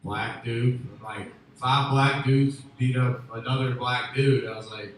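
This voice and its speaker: Rambling stand-up comic in an echoey room. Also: male voice, mid-range voice, steady tone, a little slow. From Memphis, USA. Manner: rambling, self-interrupting, loud bursts on punchlines. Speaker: stand-up comedian. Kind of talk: stand-up comedy set. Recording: echoey room with faint ambient noise.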